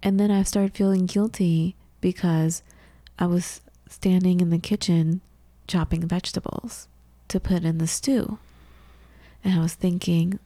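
A woman in her thirties, co-hosting a podcast, tells candid personal stories in a relaxed, conversational way and often restarts her sentences. Her voice sits low with a gravelly edge and a mellow, dark tone. The sound is dry and close. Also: normal speed, no echo. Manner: candid, storytelling, with frequent restarts. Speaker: podcast co-host. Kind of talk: casual conversation.

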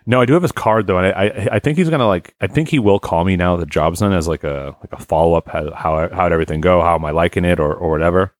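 A man's voice: low voice, fast talker, few pauses, no echo. A man hosting a podcast, chatting casually in a rambling, laid-back way with many fillers. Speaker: podcast host. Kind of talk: casual chat.

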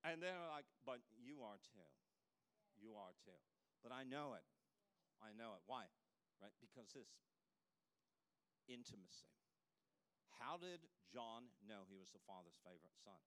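A man's voice: on the high side, a bit bright, clean tone. A man pastor preaching a sermon in a conversational way, telling stories, laughing at them and asking the congregation questions. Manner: laughs at his own stories.

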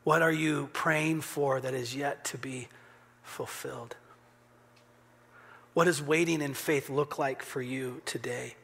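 A man preaching a sermon as pastor, earnest, rising to urgent emphasis and dropping to a hushed near-whisper. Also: medium pitch, steady tone, takes it slowly, pauses often. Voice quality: gravelly, husky. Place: church sanctuary.

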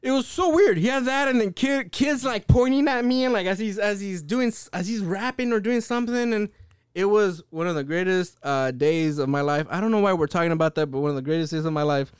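A young man on a podcast, telling a story in a casual, animated and profane way with many fillers. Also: high-pitched, fairly quick, clean tone, no room sound, clean studio sound. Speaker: podcast host.

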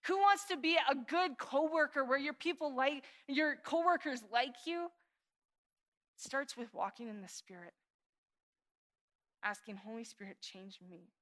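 A woman pastor in her thirties preaching with a fairly high voice. She is earnest and confessional, sinking into hushed prayers and then rising into animated emphasis. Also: a little slow. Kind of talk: sermon.

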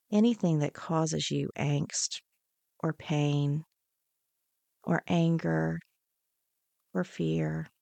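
A woman leading a guided breathing meditation on a podcast, giving slow, soothing, repeated instructions. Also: low-pitched, gravelly, warm tone, no room sound. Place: podcast studio.

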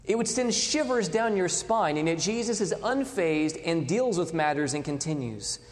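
A man preaching a sermon, dramatic, dropping to hushed tones and rising again. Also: a little high, lively intonation, moderate pace. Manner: dramatic, swings between loud and hushed. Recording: long hall reverb.

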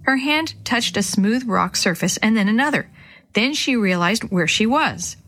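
A gentle woman storyteller reading a children's chapter book aloud. She speaks clearly and warmly to young listeners, with a steady storybook delivery. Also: a little high, a little slow.

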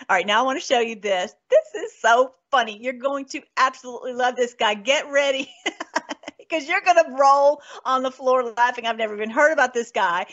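A woman's voice: medium pitch, a bit bright, lo-fi sound. A woman hosting a casual political commentary show, gushing and laughing often as she talks. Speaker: host.

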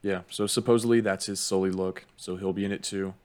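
A man's voice: sits low, fairly even intonation, brisk, darkish tone. A man co-hosting a casual podcast, easygoing and agreeable, getting hyped about films. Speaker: podcast co-host. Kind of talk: casual chat.

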